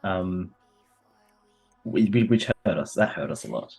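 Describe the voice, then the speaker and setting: A man with a low, husky voice, hoarse from a sore throat, talks quietly and steadily on a livestream. He speaks close to the mic as a player in a tabletop game. Faint music plays behind him. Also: lively intonation, measured pace. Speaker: co-host and player. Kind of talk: casual livestream chat.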